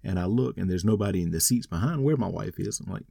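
A man's voice: fairly low pitch, expressive, fast talker, creaky, warm tone, slightly rough, no echo, studio quality. A man telling a rambling, wry personal story in a casual monologue. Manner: rambling, wry, self-deprecating.

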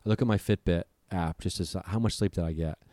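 A young man with a low, deep voice recounts a scary night in casual conversation. He talks vividly and profanely, slipping into the voices of the people in the story. The recording is close and dry. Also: fast, dark tone, no room sound. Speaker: storyteller guest.

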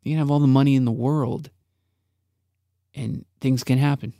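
A man's voice: medium pitch, fairly even intonation, normal speed, creaky, warm tone, dry recording, clean studio sound. A man co-hosting a faith podcast, talking earnestly with a preacher's emphasis on his points. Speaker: podcast co-host. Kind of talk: reflective faith podcast talk.

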